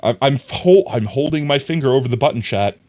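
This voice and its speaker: A young adult man livestreaming, chatting casually and teasingly with his viewers while he plays a game. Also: brisk. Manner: playful and teasing, talks straight to chat; animated, rising pitch swings.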